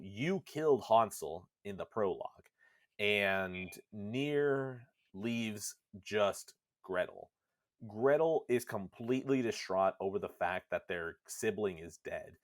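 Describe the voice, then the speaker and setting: A man hosting a casual gaming podcast, retelling a story with lively, animated delivery. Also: on the low side, takes it slowly, dry recording, studio quality. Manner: animated storytelling, acts out characters in goofy voices. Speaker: podcast host.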